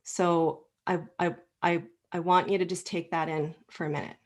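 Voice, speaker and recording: A woman's voice: on the low side, little pitch movement, normal speed. A woman who works as an acupuncturist gives an informal educational talk on stress and fertility, speaking earnestly and conversationally with frequent fillers and restarts. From Canada. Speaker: acupuncturist and clinic co-owner giving a health talk. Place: indoors, presenting slides.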